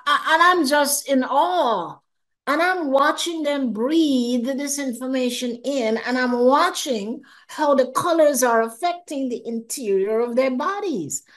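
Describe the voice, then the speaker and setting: Expressive older woman telling her story. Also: sits high. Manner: expressive, acts out her own past thoughts, laughs often, repeats words. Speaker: interview guest recounting a near-death experience. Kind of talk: animated personal storytelling.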